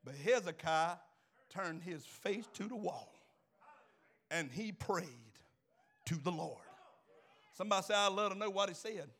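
A man's voice: high-pitched, measured pace, long pauses, a bit bright. A man around sixty, preaching a fervent, folksy sermon to his congregation. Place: church in front of a congregation.

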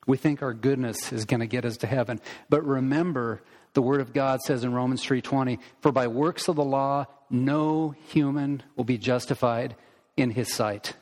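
Pastor preaching in a reverberant sanctuary. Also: male voice, mid-range voice, moderate pace. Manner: conversational, animated storytelling. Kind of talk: sermon with storytelling. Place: church sanctuary.

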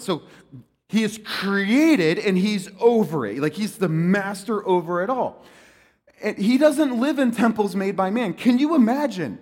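Lively high-voiced male preacher. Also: unhurried, in a large hall. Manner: animated, conversational preaching with jokes. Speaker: pastor. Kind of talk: sermon.

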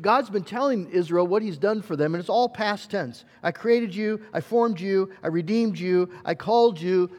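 A man's voice: high voice, in a large hall. A man preaching a sermon as pastor, earnest, often repeating words as he searches for a phrase.

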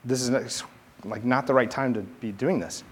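A middle-aged man preaching a sermon from the United States, talking in a relaxed, conversational way and telling a personal story with lively delivery. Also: normal speed, breathy edge. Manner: conversational, animated storytelling with rising pitch in quoted dialogue. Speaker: pastor.

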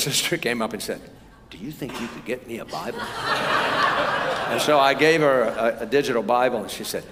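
A man's voice: lowish voice, fairly bright tone, slight background noise. Earnest American man preaching in a hall. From United States. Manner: earnest, storytelling, rising emphasis. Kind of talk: sermon with personal stories. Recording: long hall reverb.

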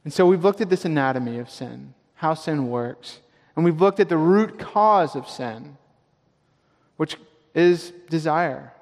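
A man with a fairly high voice preaches a sermon in a church sanctuary, pressing hard on his main points. He slows down and repeats the key lines so they land. Long reverb from the big hall trails each phrase. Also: animated, darkish tone. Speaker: pastor.

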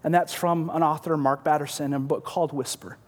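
A man's voice: on the high side, steady tone, fairly quick, long reverb tail. A man preaching a sermon as pastor, earnest and repeating words, sometimes dropping to a whisper for emphasis.

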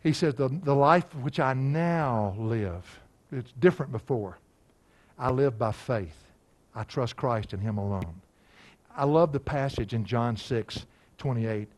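A man preaching an expository sermon, quizzing his listeners and slowing down to read scripture aloud. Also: mid-range voice. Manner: animated, asks the congregation questions, slows for scripture.

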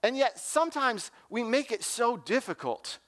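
A man's voice: very high-pitched, big pitch swings, moderate pace, a bit bright. A man giving a casual sermon as a youth pastor, informal and joking, often asking "right?".

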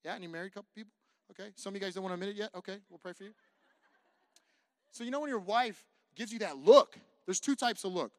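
A man from California preaching as a pastor, telling a personal story in an animated way that swings from hushed to loud, with jokes for the congregation. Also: sits high, fast, dry recording, clean studio sound. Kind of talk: sermon storytelling.

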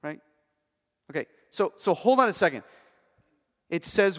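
A man's voice: high voice, animated, a little slow, pauses often, a bit bright. A man preaching a sermon in a casual, conversational way, often restarting phrases and checking in with "right?". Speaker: pastor. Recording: long hall reverb.

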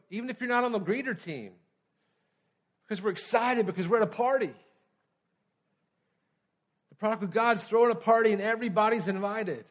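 A pastor preaching a conversational sermon, often checking in with the congregation. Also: male voice, sits high, normal speed, long pauses.

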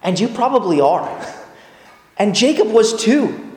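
A man with a high voice delivers an earnest, emphatic sermon, pressing his listeners with pointed rhetorical questions. The recording is roomy and carries a long hall reverb from a church space. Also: sing-song, a little slow, a little mellow. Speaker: pastor.

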